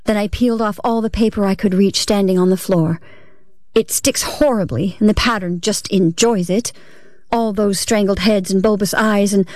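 A woman's voice: medium pitch, dry recording, clean studio sound. Woman reading a first-person story aloud. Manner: measured, expressive reading. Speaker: reader. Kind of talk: literary first-person audiobook narration.

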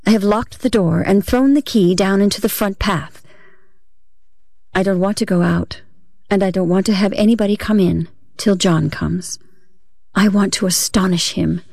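A woman's voice: mid-range voice, normal speed, creaky, a little mellow, no echo, clean studio sound. A woman reading a first-person story aloud, in a dramatic, unsettled manner with a shifting tempo. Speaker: reader.

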